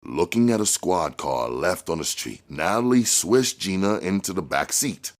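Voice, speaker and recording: A man narrating an action novel aloud in a measured way that climbs on dramatic moments. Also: low voice, expressive. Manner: measured, rising on action beats. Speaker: audiobook reader.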